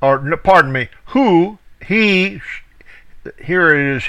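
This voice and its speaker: Very slow, bright-voiced male Bible teacher. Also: fairly high pitch, lively intonation, poor audio. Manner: slow, deliberate reading, calling out reference numbers. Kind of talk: scripture reading with word study.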